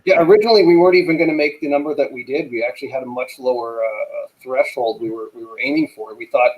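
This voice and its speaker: A man's voice: mid-range voice, fast talker, a little mellow, poor audio. A male guest in a casual live-stream chat, easygoing and hesitant, often chiming in to agree.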